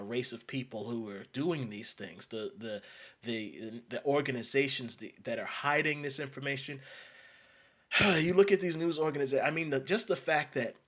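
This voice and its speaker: A man's voice: a little high, a bit bright. Emphatic man from New York ranting. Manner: emphatic, repetitive, restarts phrases. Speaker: commentator. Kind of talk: ranting video monologue.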